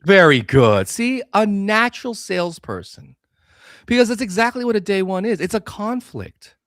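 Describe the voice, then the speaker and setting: A man who is a guest on a podcast, telling profane, animated stories in casual chat. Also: high-pitched, moderate pace, no echo, clean studio sound. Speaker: guest, sales consultant for chiropractors.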